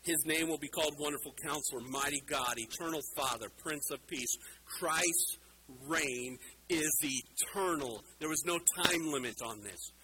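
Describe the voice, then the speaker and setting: A middle-aged man preaching a sermon with emphatic rhetorical questions, swinging between loud and soft. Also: fairly high pitch, moderate pace, noisy background. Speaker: pastor.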